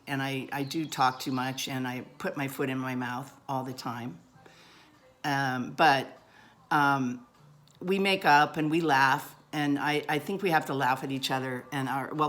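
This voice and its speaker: A woman's voice: rumbling low, a bit bright. A middle-aged woman telling a funny personal story in a chatty, self-deprecating way and laughing often. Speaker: vlogger.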